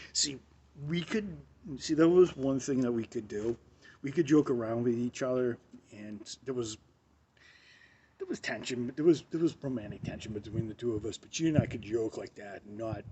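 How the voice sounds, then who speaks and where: A man's voice: medium pitch, mellow, slight background noise. A man hosting his own show, telling a personal story in a rambling, casual monologue with many restarts, recorded on his phone. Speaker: show host.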